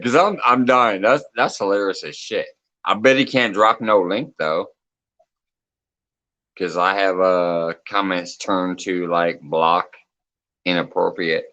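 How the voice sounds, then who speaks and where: A man's voice: deep voice, fairly bright tone, muffled recording. A man hosting a casual late-night livestream chat, reading comments aloud, laughing often and swearing freely. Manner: loose, joking, swears freely. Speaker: livestream host.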